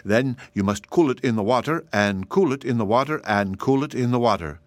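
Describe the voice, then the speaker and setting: A man voicing an exasperated mother who scolds her son loudly and emphatically in a storybook reading. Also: mid-range voice, lively intonation, fairly quick, no room sound, lightly acted. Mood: scolding.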